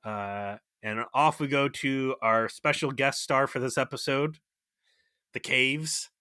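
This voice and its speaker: Sarcastic podcast guy, bright voice, dead dry sound. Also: mid-range voice, slow pace, clean tone, no room sound. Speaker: podcast co-host. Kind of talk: casual chat.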